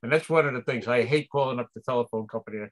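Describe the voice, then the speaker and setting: A man's voice: mid-range voice, rapid-fire. An older man with a New York accent, chatting as an interview guest in an easygoing way and chuckling often. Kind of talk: casual interview chat.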